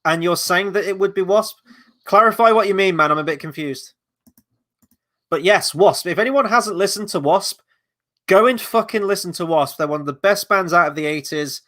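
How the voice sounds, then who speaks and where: A man's voice: high-pitched, normal speed, a bit bright. A man hosting a live movie watchalong, rambling casually, swearing, and answering chat questions. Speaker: host.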